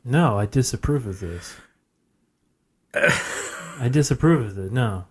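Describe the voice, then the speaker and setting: A man's voice: medium pitch, lively intonation, measured pace, slightly rough. A man co-hosting a podcast in casual chat, objecting bluntly and with emphasis. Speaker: podcast co-host.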